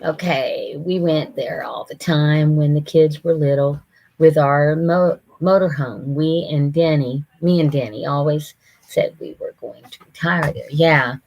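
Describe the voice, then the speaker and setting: A woman's voice: deep voice, a little slow, darkish tone, dull audio. An older woman hosting a casual live stream, chatting with viewers and greeting them by name, often laughing.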